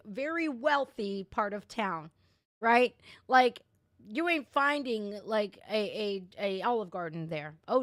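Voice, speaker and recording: A woman's voice: medium pitch, dry recording. Reaction-stream host, a woman from Ohio, mid-range voice, blunt and profane, dry untreated room. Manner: blunt, profane, quick to laugh. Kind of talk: casual livestream rant.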